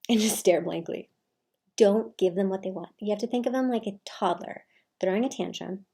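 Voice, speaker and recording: Woman, casual advice talk, soft half-whispered delivery, mellow warm tone, breathy. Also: medium pitch, moderate pace. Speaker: advice vlogger.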